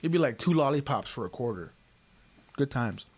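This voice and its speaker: A man's voice: medium pitch, lively intonation, normal speed, a little mellow, breathy edge. A man hosting a podcast, telling a story in casual chat, full of swearing and fillers like "like" and "um.". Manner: profane, rambling with frequent fillers. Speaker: podcast host.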